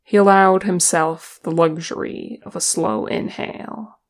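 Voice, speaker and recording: A reader narrating a fan fiction story as an audiobook in a calm, measured way. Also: medium pitch.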